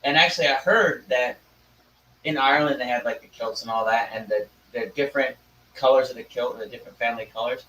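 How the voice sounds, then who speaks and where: A man in a casual chat who talks softly and offhandedly. He sits back from the microphone in an echoey room with faint hiss behind him. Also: mid-range voice, brisk, recorded from a distance. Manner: soft-spoken, offhand. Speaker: co-host.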